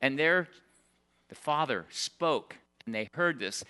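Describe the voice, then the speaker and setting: An older man preaching a sermon, emphatic at times and dropping to soft, quiet storytelling. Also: on the high side, big pitch swings, unhurried, clean tone. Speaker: pastor.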